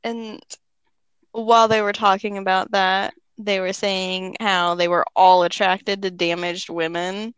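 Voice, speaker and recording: A woman co-hosting a casual podcast, speaking in a wry, drawn-out way. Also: mid-range voice, flat delivery, a bit bright, smooth, no room sound. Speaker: podcast co-host.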